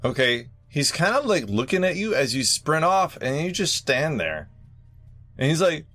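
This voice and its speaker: A man running a tabletop game as game master, animated and quick to laugh. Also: a little high, dry recording, faint music behind. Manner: animated, laughs often, voices monsters in short quotes.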